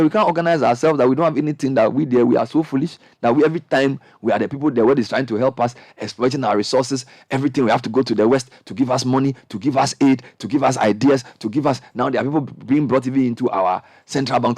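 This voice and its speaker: A middle-aged man with a Ghanaian accent, hosting a radio panel discussion and speaking with impassioned, animated energy that climbs into high exclamations. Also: quick pace, few pauses, no room sound, clean studio sound. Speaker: radio show host.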